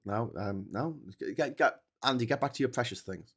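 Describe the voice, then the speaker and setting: Brief: tired man, rambling livestream host, chatty, mid pitch. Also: moderate pace, few pauses. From Liverpool. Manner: rambling, chatty, full of fillers. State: tired from staying awake. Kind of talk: casual livestream chat.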